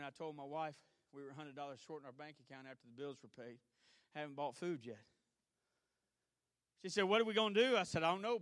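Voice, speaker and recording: A male pastor with a Southern US accent preaching a sermon, swinging between shouted exhortation and quiet storytelling. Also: fairly high pitch, no echo. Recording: archived church service.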